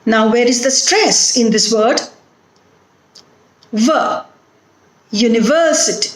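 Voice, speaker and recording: Indian english lady teaching phonetics, slow and careful, repeats words, kinda echoey. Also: on the high side, animated. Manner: slow, deliberate, repeats words to model stress. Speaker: lecturer. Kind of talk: recorded phonetics lecture.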